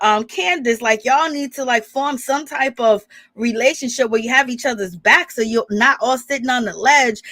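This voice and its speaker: A woman's voice: a little high, a bit bright, no room sound. A woman giving casual, sassy gossip commentary as a reality TV recap vlogger, chatty and full of rhetorical questions.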